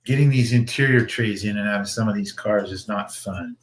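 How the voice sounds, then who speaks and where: A man's voice: on the low side, brisk, slight background noise. A man hosting a casual livestream, chatting about his model builds in a rambling way, with swearing and chuckles. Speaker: slot car builder and show host.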